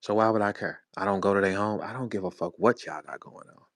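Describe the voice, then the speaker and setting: A man from St. Louis in his forties speaks fast in a voice on the low side, recorded cleanly in a studio with no echo. Hosting his own show as a battle rap personality, he rages through a profane, taunting rant.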